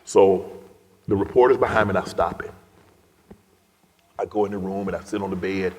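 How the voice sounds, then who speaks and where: A middle-aged man giving an emotional personal story as a guest speaker at an event, his delivery swinging from loud to hushed whispers. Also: deep voice, steady tone, normal speed, long pauses. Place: large event hall. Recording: long reverb of a large hall.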